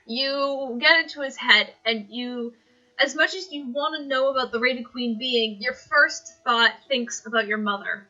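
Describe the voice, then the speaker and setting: A woman's voice: high-pitched, measured pace, pushed and bright, highs cut off. A woman narrating a tabletop game as dungeon master, rambling through descriptions with many fillers.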